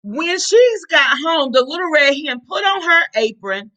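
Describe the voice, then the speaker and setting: A woman's voice: sits high, big pitch swings, measured pace, pushed and bright, low-quality recording. A woman teacher reading a picture book aloud to children, explaining words and asking her listeners questions. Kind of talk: animated storybook read-aloud.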